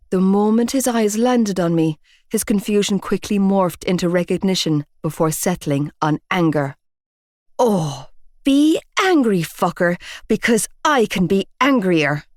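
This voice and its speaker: A woman's voice: mid-range voice, darkish tone, no room sound, studio quality. Woman reading an audiobook with heat. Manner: emotive, heated reading. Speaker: audiobook narrator. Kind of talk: scripted first-person audiobook narration.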